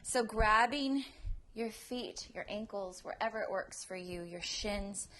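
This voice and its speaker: A woman with a mid-range, slightly bright voice leads a prenatal yoga class at a slightly slow pace, with a little hiss or hum in the audio. She cues breaths, counts down pulses and encourages her students.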